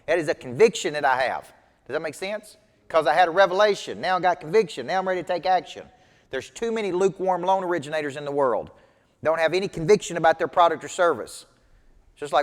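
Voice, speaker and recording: A man's voice: on the high side, lively intonation, brisk. Emphatic male coach in a reverberant hall. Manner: emphatic, punchy repetition. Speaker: business coach. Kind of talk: motivational sales training talk.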